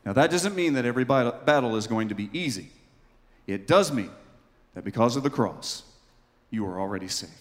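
A man's voice: medium pitch, animated, fairly quick, pauses often, in a large hall. Impassioned man preaching a sermon. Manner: impassioned, swinging from hushed to loud. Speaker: pastor.

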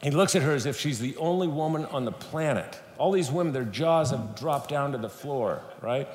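A man's voice: mid-range voice, moderate pace. A man preaching a sermon in a church, telling stories with humor and speaking to the audience directly. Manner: animated storytelling, playful, talks to the audience. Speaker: guest speaker at a church service. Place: church sanctuary. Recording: echoey hall, faint room noise.

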